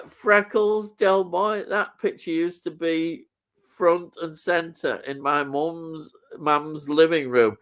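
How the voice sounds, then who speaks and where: A man's voice: on the high side, fairly bright tone. A man co-hosting a casual live stream, reading out viewer comments with lots of ums and easy laughter.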